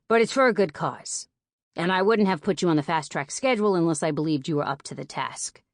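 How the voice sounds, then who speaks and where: A woman reading an audiobook, voicing a tired man in his mid-thirties who talks in a ragged, breathy way. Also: a little high, a little fast, no echo, clean studio sound, close to an everyday voice.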